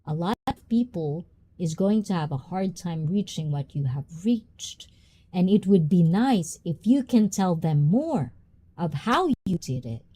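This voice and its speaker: A woman hosting a casual live-stream chat, talking in a reflective, drawn-out way with many fillers and asides to her viewers. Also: lowish voice, lively intonation, warm tone, slightly rough. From Japan. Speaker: host.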